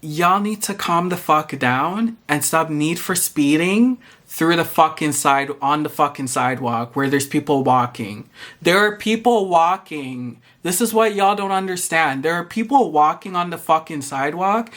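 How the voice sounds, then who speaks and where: A man's voice: a little high, animated, unhurried, fairly bright tone. A man ranting to camera in a vlog, exasperated, profane and sassy. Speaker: vlogger. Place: Toronto.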